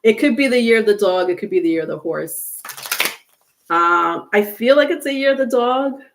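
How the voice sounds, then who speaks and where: A woman's voice: medium pitch, lively intonation, moderate pace, slight background noise. A woman reads tarot on a casual live stream and talks right to her viewers. She is frank and chatty, and she drops curse words without a second thought. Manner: chatty and blunt, curses freely, laughs often. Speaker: tarot reader.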